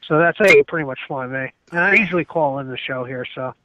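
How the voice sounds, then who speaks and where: A man's voice: fairly high pitch, quick pace, no echo. A man calling in to a radio show, easygoing and friendly in casual chat. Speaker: call-in guest. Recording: tinny dry phone line.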